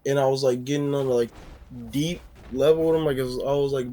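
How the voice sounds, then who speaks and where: A man telling a casual story on a vlog, animated and full of fillers. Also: medium pitch, fast.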